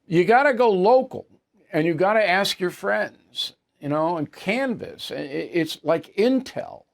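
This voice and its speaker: An older American man in his seventies delivers opinion commentary with a gravelly, rough-edged voice. His pitch sits a little higher than most men's, and he answers viewers bluntly and emphatically, brushing points aside with short, flat verdicts. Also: measured pace. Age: 70s. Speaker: host of a news commentary show.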